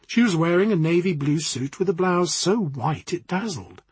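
A man narrates a story with an expressive, wry delivery. His voice is high and lively, with a husky, breathy texture, and it sounds dry and close. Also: normal speed, no echo.

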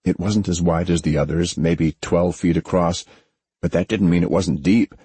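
A man reading a story aloud as a narrator, in a steady, measured way. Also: deep voice, breathy edge, dry recording. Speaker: audiobook narrator. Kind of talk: scripted narration.

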